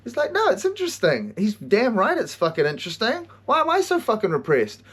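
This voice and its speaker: A man hosting a podcast, telling stories in an animated way, swearing a lot and often laughing. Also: sits high, fairly quick, breathy edge. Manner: animated storytelling, heavy swearing, frequent laughter. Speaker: podcast host and counselor. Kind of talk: casual monologue.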